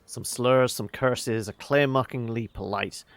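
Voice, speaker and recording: A man reading a visual novel aloud, halting, with many fillers and self-corrections. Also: lowish voice, creaky, a bit bright. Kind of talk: reading game text aloud with asides.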